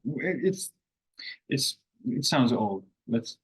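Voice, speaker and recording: A man whose first language is Finnish talks through everyday phrases in a relaxed lesson. His voice is husky and a little breathy. He speaks very slowly and unhurriedly, pausing often to think aloud. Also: medium pitch, poor audio. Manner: slow, explanatory, thinks aloud with many fillers. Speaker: language course host.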